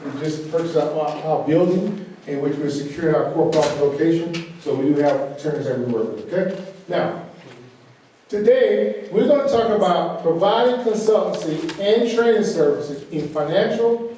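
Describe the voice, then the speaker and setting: Fast, loud Southern man in an echoey room. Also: on the high side, slight background noise. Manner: energetic, repeats "okay?" to check in with the audience. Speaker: workshop presenter. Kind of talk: financial training workshop lecture. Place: large meeting room. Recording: very echoey room, voice far from the recorder.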